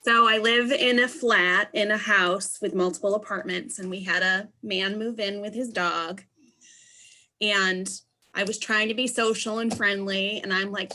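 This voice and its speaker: A woman's voice: mid-range voice, steady tone, moderate pace, pushed and bright, rough recording. A woman in a video-call workshop telling an embarrassing anecdote in a self-deprecating, casual way. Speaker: workshop participant.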